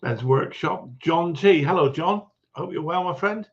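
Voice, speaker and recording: A man's voice: a little high, lively intonation, a little slow, dull audio. A man hosting a casual livestream chat, greeting viewers one by one with frequent chuckles. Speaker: livestream host.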